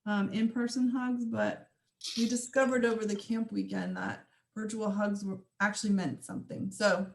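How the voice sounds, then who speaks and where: A woman hosting a group video call, speaking gently and encouragingly to grieving participants. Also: medium pitch, flat delivery, normal speed, vocal fry, a little hiss or hum. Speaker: host. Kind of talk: warm group video chat. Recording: echoey room on video call.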